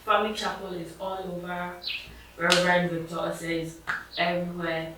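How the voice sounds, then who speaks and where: A talk show interviewer asking respectful questions in a warm manner. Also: medium pitch, level tone, moderate pace. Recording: echoey room, distant mic, noise.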